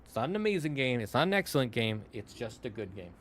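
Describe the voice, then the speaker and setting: A man's voice: mid-range voice, very animated, quick pace, fairly bright tone. Rambling young man chatting on stream. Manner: rambling, self-correcting, talks in asides to chat. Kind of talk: casual chat to a live stream.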